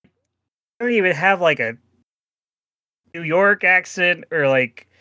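A man's voice: high voice, takes it slowly, pushed and bright, no room sound. A man chatting casually as a podcast co-host, rambling with many restarts and frequent laughs. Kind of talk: casual chat.

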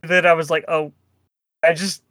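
A man's voice: fairly high pitch, expressive, measured pace, pushed and bright, no echo. A man chatting casually as a podcast co-host, rambling with many restarts and frequent laughs. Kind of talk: casual chat.

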